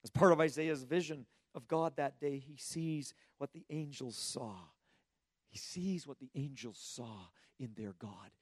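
A slightly hoarse man preaching a sermon in an earnest, emphatic way, asking rhetorical questions and often restarting his words. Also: medium pitch, unhurried, no room sound, clean studio sound. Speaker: pastor.

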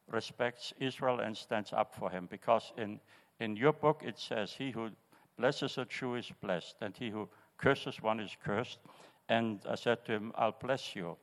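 An older man from Austria, sharing his personal testimony in church in a halting way, with fillers and restarts. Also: mid-range voice. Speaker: congregation member sharing testimony. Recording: reverberant church hall.

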